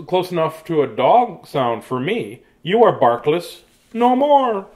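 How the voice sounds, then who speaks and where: A man's voice: a little high, very animated, takes it slowly. A man reading his own picture book aloud to children in a sing-song, playful way, then chatting casually about it. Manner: sing-song, playful, drops to soft hush at endings. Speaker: children's book reader and author.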